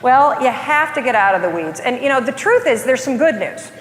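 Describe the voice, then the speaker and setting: A woman with a fairly high voice gives a motivational talk, brisk and direct with a joking edge. Her voice rings through a big echoing hall, with faint room noise behind it. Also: animated. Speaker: motivational speaker. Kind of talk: stage talk. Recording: echoey hall from a distance.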